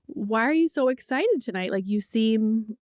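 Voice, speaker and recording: A woman's voice: on the high side, animated, a little slow, darkish tone, dry recording, studio quality. A woman hosting a podcast in casual chat, telling a parenting story candidly, swearing freely and saying "like" often. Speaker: podcast host; mother of a young child.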